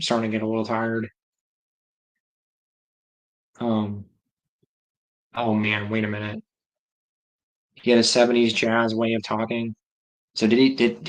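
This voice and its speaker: Man, livestream host, casual rambling chat, flat monotone delivery. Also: on the low side, low-quality recording. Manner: rambling, reacting aloud to chat. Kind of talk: casual chat reading viewer comments.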